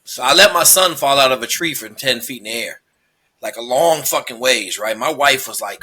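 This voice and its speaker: A man's voice: mid-range voice, expressive, fairly quick, bright, forceful tone, slightly rough. A middle-aged man telling stories in casual chat, emphatic and heavy on swearing. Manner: profane, emphatic storyteller.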